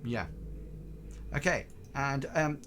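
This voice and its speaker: A man narrates a tabletop adventure for his players, speaking slowly and stumbling through frequent ums and false starts. A constant hum of background noise sits clearly under his voice on the stream. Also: mid-range voice, a bit bright. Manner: hesitant, full of ums and restarts. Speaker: game master.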